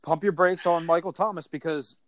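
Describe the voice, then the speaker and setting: A man hosting a casual sports podcast. He talks in an animated, opinionated way and laughs often. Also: fairly high pitch, fairly quick. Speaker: podcast host.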